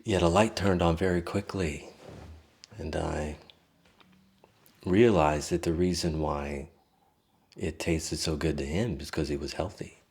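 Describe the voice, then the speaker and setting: A man with an extremely deep, husky voice tells his story in an interview. He speaks candidly and reflectively, pausing often between thoughts. His low, rough tone stays calm and unhurried. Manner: candid, reflective, with pauses and fillers.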